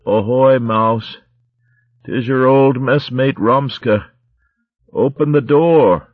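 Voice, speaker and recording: A man voicing a badly wounded female ferret corsair who talks rough sailor slang, in a storybook reading. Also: medium pitch, slow pace, no room sound, phone-quality sound, voice pushed up. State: weak and wounded.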